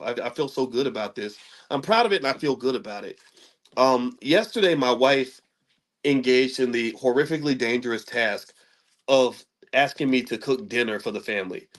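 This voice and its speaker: A man's voice: mid-range voice, expressive, fairly quick. A middle-aged man hosting his own channel, telling a story in a casual monologue to camera. He stammers and repeats words, and he pokes fun at himself. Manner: self-mocking and humorous. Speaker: commentator and channel host.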